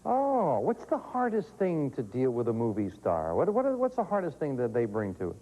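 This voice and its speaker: A man hosting a quiz show, reading questions and joking with contestants in quick patter, on a noisy 1980s TV tape. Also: mid-range voice, huge pitch swings, dark tone. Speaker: game show host.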